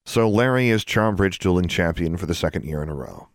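A man's voice: sits low, lively intonation, fairly quick, dry recording, clean studio sound. A man voicing a tough, competitive teenage witch girl who talks back sharply. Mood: stung. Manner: defiant, sharp-tongued.

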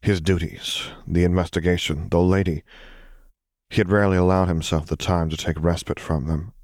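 Male reader, deep voice, calm storytelling, dry recording. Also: normal speed, no room sound. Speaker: audiobook reader. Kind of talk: fan fiction audiobook narration.

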